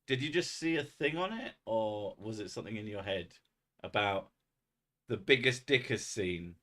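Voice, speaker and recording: A man with a lowish voice talks to his live-stream audience in a loose, rambling way. He swears freely and pokes fun at himself as he drifts from one thought to the next. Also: expressive, normal speed, fairly bright tone. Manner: rambling, sweary and self-mocking. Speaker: streamer hosting a live chat. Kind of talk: casual live-stream chat.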